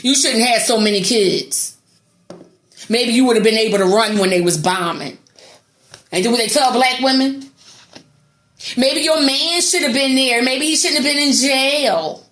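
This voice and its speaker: A woman's voice: a little high, a little slow, pauses often, fairly bright tone, echoey room. A woman delivering an angry, sarcastic, profanity-heavy rant to her viewers. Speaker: vlogger. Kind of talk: angry ranting monologue.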